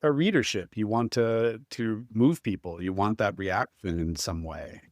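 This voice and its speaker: A man's voice: fairly low pitch, unhurried, no room sound, studio quality. A man hosting an interview, talking earnestly and with firm opinions. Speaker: podcast host. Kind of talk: casual interview conversation.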